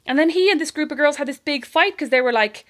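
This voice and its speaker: An Irish woman tells stories quickly in a casual podcast chat. Her voice sits a little high, and she acts out the people she quotes with lively shifts. The manner is friendly and conversational. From Ireland. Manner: animated storyteller acting out quoted voices. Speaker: podcast co-host.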